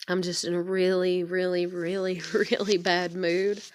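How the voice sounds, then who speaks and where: A woman's voice: on the low side, pushed and bright. Exasperated, swearing woman venting. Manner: profane, exasperated ranting. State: worn out, near tears. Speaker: vlogger. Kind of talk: casual venting monologue.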